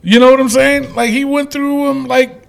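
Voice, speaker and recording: A man's voice: very high voice, level tone, moderate pace, creaky. A man hosting a casual podcast, rambling with many fillers and restarts. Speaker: podcast host.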